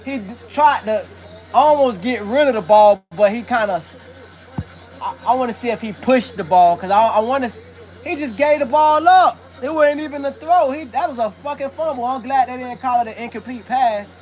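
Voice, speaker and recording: Brief: high-pitched male streamer, brash and profane, ranting about sports live. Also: normal speed. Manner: brash, profane, heated trash talk; animated, rambling with restarts. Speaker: livestream host. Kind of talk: live sports commentary chat.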